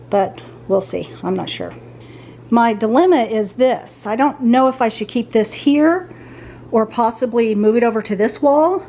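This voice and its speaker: A woman's voice: a little high, darkish tone, slight background noise. Chatty middle-aged woman thinking aloud. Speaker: home cleaning vlogger. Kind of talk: casual vlog chat while tidying. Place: bedroom at home.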